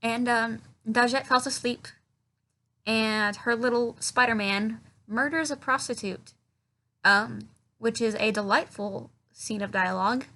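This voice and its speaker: Woman ranting about a bad movie, swears a lot, kinda high, really bright tone. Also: measured pace. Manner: sarcastic, profane, mocking movie dialogue in silly voices. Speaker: film reviewer. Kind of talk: casual comedic film recap.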